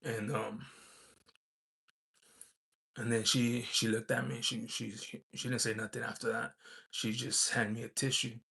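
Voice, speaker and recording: Casting note: a man with a gravelly, rough voice, rambling casual storyteller. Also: mid-range voice, little pitch movement, measured pace, pauses often, pushed and bright. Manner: rambling, many fillers and restarts. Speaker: vlogger.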